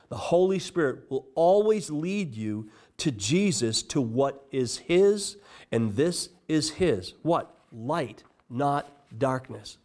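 A man's voice: medium pitch, lively intonation, unhurried, darkish tone. A man preaching a sermon as pastor, reading scripture aloud and stressing key phrases with earnest emphasis. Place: church.

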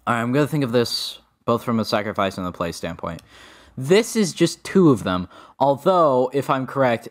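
A man giving casual gameplay commentary who thinks aloud, gets excited, and swears. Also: on the low side. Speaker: let's-play gamer. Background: game music.

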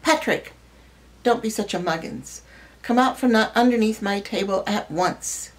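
High and crisp, a brisk older English spinster , voiced by a woman, gives short commands. She has a dry, amused edge, in a storybook reading. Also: lightly acted. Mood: brisk commanding.

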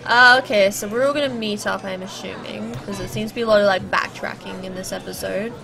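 A woman's voice: mid-range voice, steady tone, fairly quick, crowd noise. A woman hosting a let's play, musing casually about the story as she plays. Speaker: gaming channel host. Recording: clearly audible background noise.

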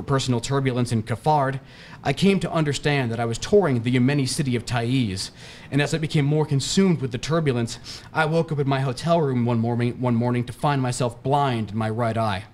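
A man's voice: mid-range voice, a little hiss or hum, natural voice. A man reading aloud, voicing a rambling, self-pleased middle-aged stepfather in a raised voice.

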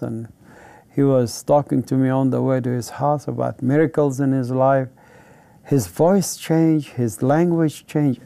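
Gravelly man. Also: mid-range voice, warm tone, no room sound. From Palestine. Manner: earnest, vivid storyteller who acts out quoted dialogue. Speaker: interviewee giving a testimony. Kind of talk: personal testimony in conversation.

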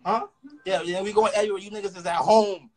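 A young man with a Toronto accent, ranting through a story fast and profanely, with frequent stammered restarts. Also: sits high, steady tone, low-quality recording. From Canada. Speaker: rapper. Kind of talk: casual storytelling rant.

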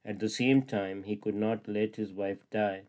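A man's voice: fairly low pitch, fairly even intonation, a little slow, a little mellow. Man narrating a children's fable. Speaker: storyteller. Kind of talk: storybook narration.

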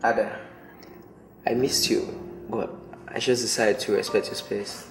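A gentle, caring boyfriend. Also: male voice, on the low side, flat delivery, measured pace. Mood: tender. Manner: soft, gentle. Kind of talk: film drama acting. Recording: music playing under.

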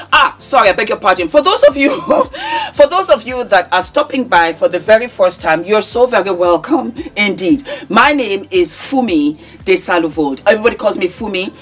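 A woman's voice: medium pitch, a bit bright. A woman of Gambian and Nigerian heritage hosting a celebrity gossip channel, chatting bubbly to camera, laughing often, and reading news items aloud. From half Gambian, half Nigerian. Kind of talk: casual chat to camera.

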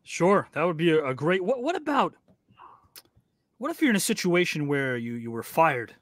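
A male talk show host with a notably high voice who speaks formally and politely, like an announcer. The sound is close and dry, with no room echo at all. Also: very animated, normal speed.

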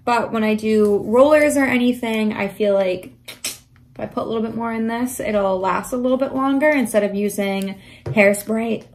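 A woman's voice: on the high side, moderate pace, slight background noise. A young adult woman chatting casually in a haul vlog, enthusiastic and sometimes dropping into a half-whisper. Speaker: vlogger.

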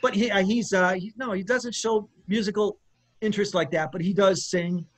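A man's voice: sits high, fairly even intonation, moderate pace. A middle-aged man, a guest musician, talking loosely in an interview with lots of restarts. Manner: rambling, with many restarts and laughs. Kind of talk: casual interview chat.

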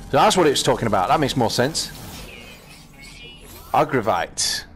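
A British man casually commenting as he plays a VR game, chatting to himself with quick exclamations. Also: mid-range voice, animated, a bit bright, faint music behind. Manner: chatty, talks to himself while playing, exclamations. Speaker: gaming channel host.

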